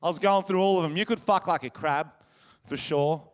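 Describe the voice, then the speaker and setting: A man's voice: a little high, fairly quick. A man with an Australian accent doing crude, brash stand-up comedy and crowd work on a stage before a live audience. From Wollongong, Australia. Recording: live show with audience noise.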